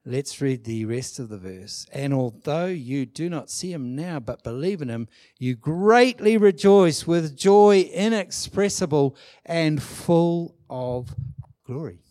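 A man preaching a sermon, emphatic and animated, acting out quoted lines. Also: fairly high pitch, slow pace, no echo, studio quality. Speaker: pastor.

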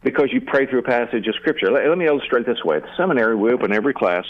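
A man's voice: medium pitch, very fast, no room sound. An older man, a seminary teacher, explaining prayer earnestly in a radio interview and often repeating words as he starts a sentence. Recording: narrow phone-like radio sound.

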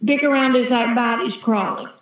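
A woman's voice: fairly high pitch, fairly even intonation, normal speed, roomy sound, rough recording. A woman evangelist giving an earnest, vivid testimony as a guest in an interview. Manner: earnest, vivid storytelling, calls listener sister.

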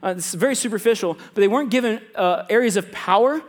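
In a church sanctuary, a male pastor for students and young adults preaches to his congregation with a fairly high voice. He's chatty and jokes around, tossing in quick asides as he swings between loud emphasis and quiet remarks.

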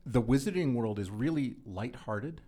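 A man's voice: medium pitch, animated, moderate pace, dark tone. A man hosting a casual group chat, steering the talk and repeating words as he starts.

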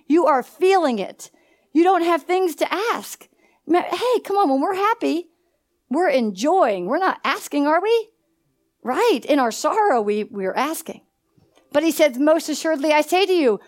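Woman pastor, high voice, call-and-response sermon with personal stories. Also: sing-song, moderate pace. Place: church hall.

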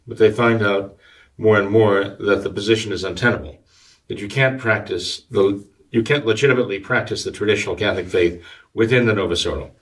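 A man, a Catholic priest, answering listener questions in a measured, halting way with many fillers and restarts. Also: fairly low pitch, distant mic. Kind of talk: conversational commentary.

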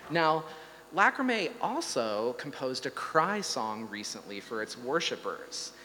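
A man's voice: medium pitch, sing-song, unhurried. A man, an artist, giving a performance lecture in a hesitant way, with frequent ums between his phrases. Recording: long hall reverb, faint hum.

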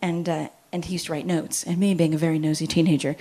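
A woman's voice: low-pitched, level tone, fast talker, warm tone. A middle-aged woman from the United States giving a chatty, story-filled talk to parents at a church, acting out quotes as she goes.

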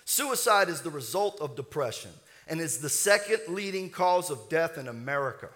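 A man's voice: on the high side, big pitch swings, moderate pace, a bit bright. A man preaching a sermon as pastor, building with rising fervor and leading the congregation in call-and-response.

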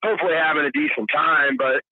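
Caller on a tinny phone line. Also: male voice, a little high, quick pace, no echo. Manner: relaxed, hesitant, with many fillers. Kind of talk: casual phone-in chat. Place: noisy factory at work. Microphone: Bluetooth headset on a phone line.

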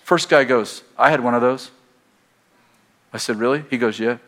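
A middle-aged American man preaching a sermon in a church, telling stories and building to loud exhortation. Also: medium pitch, moderate pace. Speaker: pastor. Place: church sanctuary. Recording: faint crowd in a church. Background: congregation.

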